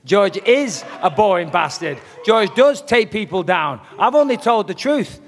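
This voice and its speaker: A man's voice: high voice, sing-song, unhurried. A man trash-talking at a press conference, brash, profane and taunting. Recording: long hall reverb.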